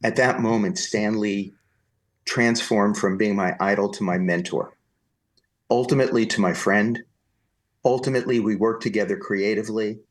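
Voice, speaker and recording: A man from New Jersey, a podcast guest, telling long stories in an animated way and acting out the people he quotes. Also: on the low side, moderate pace. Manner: animated anecdotal storytelling, acts out quoted voices. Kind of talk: storytelling interview.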